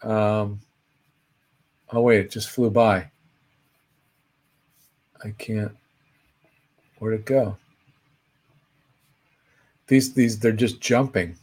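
A man co-hosting a casual chat, telling stories with lively pitch jumps and laughter. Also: drawn-out words, pauses often. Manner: animated storyteller, pitch leaping when excited. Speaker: host.

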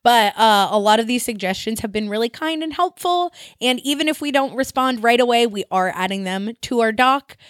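A woman co-hosting a casual music podcast, her voice sitting a little high and chatty, often breaking into a giggle. She is recorded close and dry. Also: expressive, a little fast, hardly any pauses, dry recording. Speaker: podcast co-host.

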